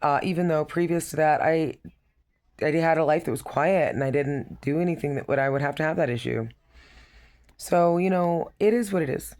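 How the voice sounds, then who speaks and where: A woman giving a frank personal update to camera, rambling with many pauses and restarts, with a dry, sarcastic edge. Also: sits low, darkish tone. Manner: wry sarcasm. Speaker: vlogger.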